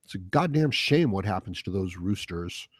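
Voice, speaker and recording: A man's voice: low-pitched, lively intonation, normal speed, no echo, clean studio sound. A man hosting a solo podcast, ranting casually in a rambling, profane way with lots of fillers. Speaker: podcast host.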